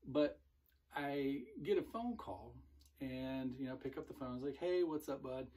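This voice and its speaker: A middle-aged man, a former military recruiter, telling stories in a relaxed, rambling way with many fillers. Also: medium pitch, moderate pace. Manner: relaxed, rambling, with frequent fillers and self-corrections. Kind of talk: casual storytelling monologue.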